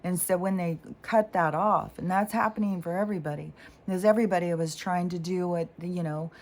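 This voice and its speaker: A spiritual vlogger at her home near the mountains of Washington State tells a story in a casual, spiritual monologue, rambling and cutting herself off. Her voice sits on the low side, with a steady tone and a fairly quick pace.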